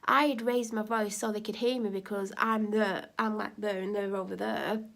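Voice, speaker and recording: Animated woman telling a story. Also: medium pitch, moderate pace, creaky. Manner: animated, rising to near-shouting when retelling an argument. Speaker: vlogger. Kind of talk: casual storytelling vlog.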